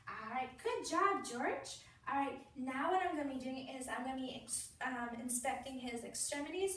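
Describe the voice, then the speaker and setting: A young woman student nurse walks through a child's exam step by step, switching to a playful sing-song voice for the patient. Her voice sits high, and she is recorded from across a strongly echoing practice room with faint background hum. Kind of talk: demonstrating a clinical assessment. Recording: very echoey room, voice from a distance.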